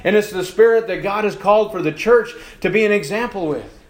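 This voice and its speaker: A man with a high voice preaches from the pulpit, dropping to near-hushed tones and then rising again, stretching out key words. The sound is roomy, and his voice rings off the walls of the church sanctuary. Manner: preaching with wide swings between hushed and raised passages, slowing for emphasis. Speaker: pastor. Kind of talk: sermon. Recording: echoey church room.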